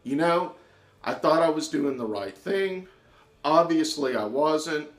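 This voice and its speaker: A man's voice: a little high, lively intonation, takes it slowly, soft background music, voice pushed up. A man voicing a young male student actor who talks earnestly, first pleased with himself and then apologetic. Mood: sheepish. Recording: echoey room.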